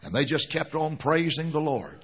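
High, bright-voiced fervent male preacher. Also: very animated, moderate pace, slightly rough. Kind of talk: sermon. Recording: dull lo-fi sound with long hall reverb.

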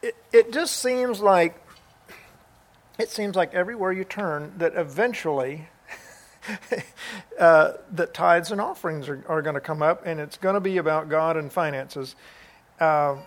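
A man hosting a Christian talk show, enthusiastically interviewing a guest and answering him with amens and laughter. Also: a little high. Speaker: host.

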